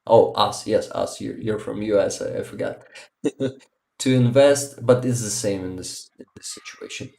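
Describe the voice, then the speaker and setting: Man, halting livestream chat. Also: fairly low pitch, vocal fry, dark tone. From Ukraine. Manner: halting, with many fillers and repeated words. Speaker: livestream host. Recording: roomy echo.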